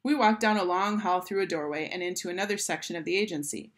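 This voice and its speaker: A woman's voice: on the low side, fast talker. Woman teacher reading a children's book. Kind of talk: children's book read-aloud.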